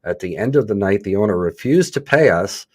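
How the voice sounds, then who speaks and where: A man co-hosting a podcast, reading listener stories aloud and reacting with laughs and quick comments. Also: lowish voice, lively intonation, a little mellow. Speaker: podcast co-host.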